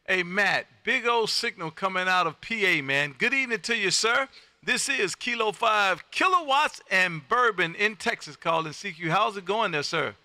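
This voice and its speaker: A man hosting a live ham radio stream from his home radio room, loud and folksy, calling CQ and repeating his phrases. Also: high voice, lively intonation, moderate pace, slight background noise. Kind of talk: calling CQ and chatting with contacts.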